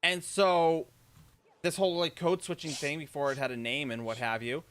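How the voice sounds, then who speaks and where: A man's voice: on the high side, fairly even intonation, normal speed, a bit bright, clear, resonant tone. A man with a light Massachusetts accent, rambling through a story in casual chat as a stream co-host, full of "like" and "right?".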